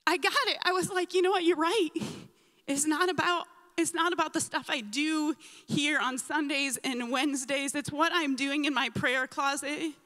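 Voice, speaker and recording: A woman sharing a mission trip testimony with a church congregation, animated and acting out her own reactions as she tells it. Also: high-pitched, moderate pace. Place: church sanctuary. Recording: long hall reverb in a church.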